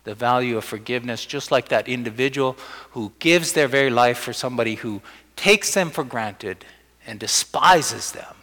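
A man's voice: mid-range voice, animated, moderate pace, bright, forceful tone. Man, pastor's sermon, chatty, acts out quoted voices, long hall echo. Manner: conversational, acts out little scenes in quoted voices. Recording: long church hall reverb.

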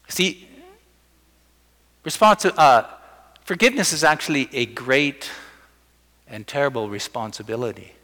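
A man's voice: mid-range voice, big pitch swings, measured pace, pauses often, sharp tone. Man preaching in a reverberant church. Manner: conversational, acts out little scenes in quoted voices. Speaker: pastor. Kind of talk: sermon. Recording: long church hall reverb.

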